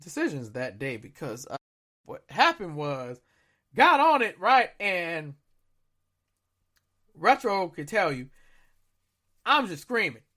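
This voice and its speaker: Lively, bright-voiced man in his thirties. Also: sits high, slow pace, long pauses. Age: 30s. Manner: animated, acts out his own reactions with loud shouts. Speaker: podcast co-host. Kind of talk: casual storytelling.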